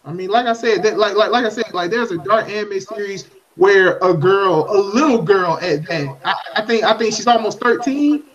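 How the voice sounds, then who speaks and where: A man's voice: high voice, normal speed, hardly any pauses, a bit bright, dull audio. A man co-hosting a podcast in casual chat, emphatic and profane, often circling back to repeat his points. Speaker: podcast co-host.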